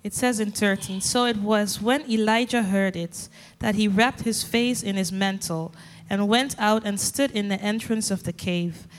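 A woman's voice: mid-range voice, a little hiss or hum. Woman reading scripture, echoing and distant. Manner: measured, steady reading. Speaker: scripture reader in church. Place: church hall. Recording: distant mic in reverberant hall.

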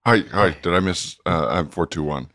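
A deep-voiced man stammers through an improvised comedy scene, hesitant and apologetic. His tone sits low and he restarts his sentences often. The recording is dry and close. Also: normal speed, a bit bright, no echo. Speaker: improv performer.

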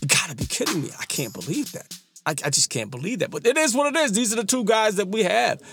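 Heated, animated man over faint hip hop. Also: high voice, fast, breathy edge, faint music behind. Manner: heated, emphatic, repeats himself, uses slang like "yo". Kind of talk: animated political commentary.

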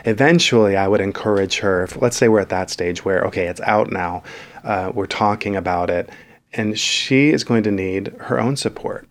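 A man giving earnest, measured advice on a podcast, with frequent pauses and fillers. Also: lowish voice. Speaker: counselor guest. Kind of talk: advice in casual conversation.

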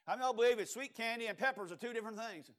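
A man's voice: very high-pitched, rapid-fire, fairly bright tone. A man with a Cajun accent preaching a sermon, telling homespun stories and asking the congregation rhetorical questions, with frequent fillers and restarts. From Louisiana.

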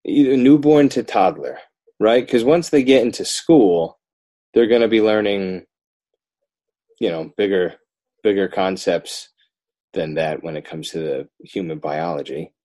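A man talking casually about his children's book as an interview guest, animated and often breaking off to restart his sentences. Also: deep voice, measured pace, no echo. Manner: animated, self-interrupting, rising emphasis.

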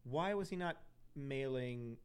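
A man's voice: medium pitch, expressive, slow, clean tone. A young man hosting a podcast, telling a true crime story casually, with profane asides and self-corrections. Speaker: podcast host.

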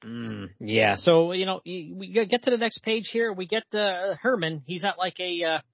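A man's voice: high voice, lively intonation, moderate pace, gravelly, no echo, highs cut off. A man co-hosting a comics podcast in casual chat, talking in a hesitant, chatty way with many fillers.

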